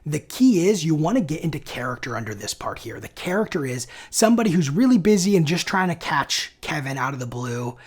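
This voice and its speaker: A man hosting a sales lesson, explaining cold-call tactics in an upbeat, energetic teaching manner. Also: a little high, fairly quick, few pauses, slightly rough. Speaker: sales coach and channel host. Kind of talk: instructional video lesson.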